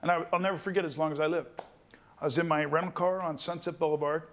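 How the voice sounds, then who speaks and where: A man, telling a lively story to a room of students and acting out the people in it. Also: a little high, fast talker. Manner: animated storyteller, acts out voices in quotes. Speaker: guest actor.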